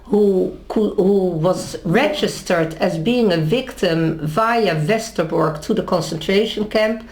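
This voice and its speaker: A woman's voice: mid-range voice, takes it slowly, darkish tone. A woman, interviewed in a casual conversation, telling a story with many restarts and acted-out dialogue. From Netherlands. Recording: echoey room.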